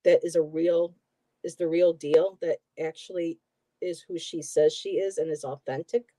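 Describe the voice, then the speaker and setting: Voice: medium pitch, fairly even intonation, moderate pace, dark tone, no room sound. Middle-aged host telling a rambling, heartfelt story. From Buffalo, New York area. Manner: rambling, emotional storytelling with many fillers. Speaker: host, tarot reader. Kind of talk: casual chat.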